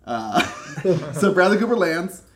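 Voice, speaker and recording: A man's voice: high voice, very animated, slow pace, crowd noise. Rambling, laughing podcast man. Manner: rambling, laughing retelling of a movie plot. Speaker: podcast co-host. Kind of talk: casual movie review chat.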